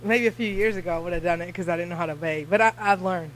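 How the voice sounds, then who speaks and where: A young woman with a Kentucky accent giving a church mission talk, chatty and nervous, talking fast. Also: lowish voice, slight background noise, rough recording. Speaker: missionary guest speaker.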